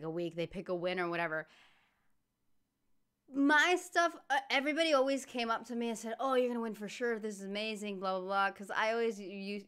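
A woman's voice: fairly low pitch, clean tone. A woman from the United States hosting a reaction video, ranting casually with lots of fillers and restarts. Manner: animated, frequent fillers and restarts, swears casually. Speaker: reaction channel host.

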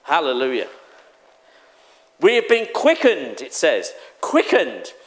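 A man preaching a sermon in a church, animated and exclamatory, acting out the voices he quotes. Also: fairly high pitch, slow. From England. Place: church hall.

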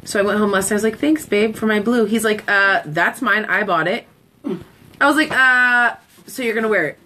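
A woman's voice: medium pitch, moderate pace, sharp tone, slight background noise, low-quality recording. A talkative woman hosting a live sales stream, telling stories in a casual, chatty way. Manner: talkative, storytelling, giggly asides.

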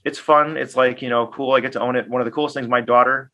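A man's voice: medium pitch, fast. A man, a guest investor in an interview, telling casual stories and acting out quoted dialogue. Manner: animated anecdotes, acts out quoted dialogue. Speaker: guest business owner and investor.

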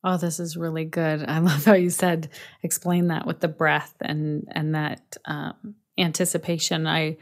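A woman's voice: low voice, little pitch movement, measured pace, few pauses. A woman podcast host interviewing a guest, affirming and enthusiastic. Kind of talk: conversational interviewing.

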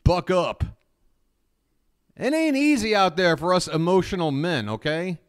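Man, stream host, casual reaction talk, swears a lot, emotional, rambling, fairly high voice. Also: sing-song, moderate pace, clear, resonant tone. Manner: rambling, profane, openly emotional.

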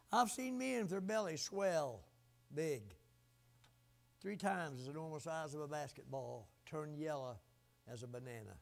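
An older male preacher with a gravelly, rough-edged voice pitched a little high. He delivers a fiery revival sermon, hollering some lines and dropping others to a hush. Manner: swings from shouting to quiet low asides.

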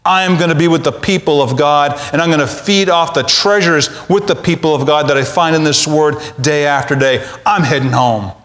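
A male pastor with a fairly high voice delivers an impassioned sermon. He slips into quoted lines with drama and swings between loud urging and hushed, slow emphasis.

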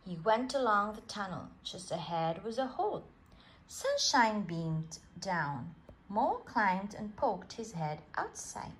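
A woman reading a bedtime story aloud in a slow, gentle and expressive way. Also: a little high.

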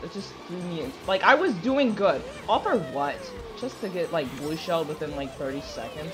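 Over music, a young woman with a low voice and lively intonation narrates her own racing game as she plays, at a normal speed. The gaming video creator swears, stammers through restarts, and bursts out in frustration.

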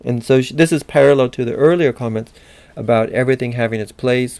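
An American man giving a recorded university literature lecture in a digressive, halting way with many fillers. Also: mid-range voice, darkish tone, no room sound.

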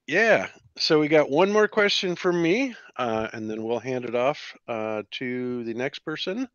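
A man's voice: medium pitch, animated, unhurried, fairly bright tone, no room sound. Laid-back man hosting a quiz over a dull line. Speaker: quiz host on a livestream. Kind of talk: casual livestream chat.

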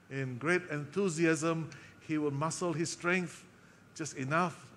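A man preaching a sermon, telling a story with emotional pauses and dropping to a soft voice for quoted lines. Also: mid-range voice, big-room sound, a little hiss or hum. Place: church hall.

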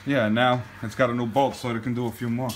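A man with a middle-pitched voice talks bluntly and cusses casually while helping with a truck job in a garage. Steady garage noise runs under his voice. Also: fast. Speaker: guest. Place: home garage.

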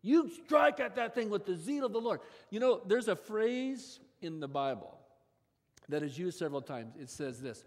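A man with a notably high voice preaches a sermon with big, expressive swings in force and pitch. The sound carries a long reverb from a large church sanctuary. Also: normal speed. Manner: expressive preaching with sharp rises in pitch and volume. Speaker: pastor.

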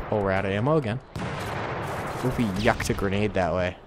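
A young man giving excitable let's play commentary, yelping and joking while he plays. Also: on the low side, moderate pace, pauses often, noisy background. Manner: excitable, yelps and jokes while playing. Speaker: gaming video host. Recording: voice over loud game gunfire. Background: loud game gunfire and artillery.

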